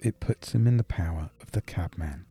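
A man voicing a crisp, commanding detective. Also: sits low, normal speed, warm tone, soft background music, heavily acted. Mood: explaining. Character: brilliant, brisk male detective, commanding and dry. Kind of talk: audiobook character reading.

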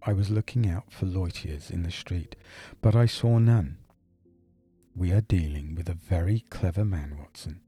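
A male reader voicing a brilliant, brisk detective in an audiobook, speaking in a crisp, measured way. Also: sits low, dark tone, faint music behind. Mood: explaining. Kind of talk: audiobook character reading.

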